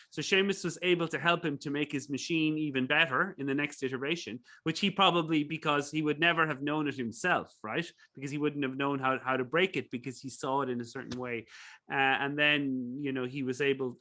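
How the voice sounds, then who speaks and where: A man's voice: on the high side, sharp tone. A man with an Irish accent, a guest in a casual interview, rambling through stories with many fillers and restarts. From Ireland. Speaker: guest, business professor.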